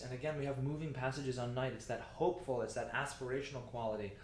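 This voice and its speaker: A man's voice: mid-range voice, fairly even intonation, a little hiss or hum. Man, choir teacher, patient explanations, roomy echo. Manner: patient, explanatory, sometimes speaks lyrics slowly. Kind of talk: music lesson walkthrough.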